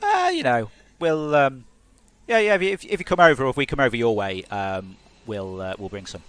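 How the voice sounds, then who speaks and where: A man's voice: medium pitch, fairly quick, fairly bright tone, clear, resonant tone, no echo. A man from Hertfordshire, England, a game developer chatting casually on a live stream in a rambling, self-mocking way.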